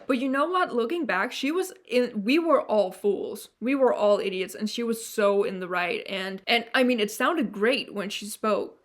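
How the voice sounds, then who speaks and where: A woman's voice: fairly high pitch, animated. Young woman vlogging, half european half american accent, rambly and blunt, lots of restarts. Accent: mix of non-native European and American. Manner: rambling and frank, with many restarts and swearing; fast s sounds she dislikes. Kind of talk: candid to-camera vlog.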